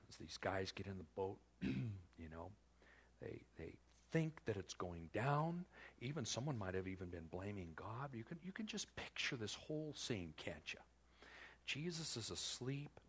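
A male pastor preaching a sermon in an animated storytelling manner, full of filler words. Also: on the low side, breathy edge.

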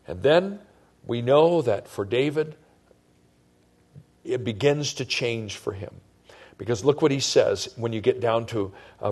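A man preaching a sermon in a conversational way, his voice swinging from loud emphasis to hushed tones. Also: medium pitch, husky. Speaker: pastor.

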